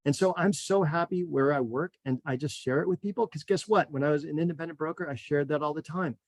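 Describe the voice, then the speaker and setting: A man hosting a real estate webinar, talking in an energetic, repetitive motivational way and a little out of breath. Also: on the high side, quick pace, no echo. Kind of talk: enthusiastic webinar pitch.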